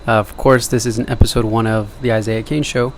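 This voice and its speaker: A man's voice: lowish voice, little pitch movement, a little fast. Young guy rambling to his camera at home, jokey and self-deprecating, faint hiss behind. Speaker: vlogger. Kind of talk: rambling casual monologue to camera.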